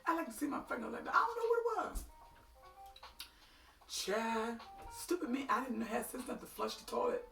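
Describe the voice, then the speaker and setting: A middle-aged woman telling funny stories in an animated, folksy way, calling her listeners honey and child. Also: a little high, moderate pace, gravelly, pauses often. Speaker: storyteller. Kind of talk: comic storytelling. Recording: echoey room, distant mic, faint music.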